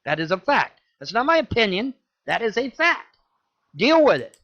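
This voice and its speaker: A man delivering an angry, profane rant, cursing loudly and repeating himself. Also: extremely high pitch, sing-song, normal speed. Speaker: ranting video creator. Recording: dull lo-fi audio.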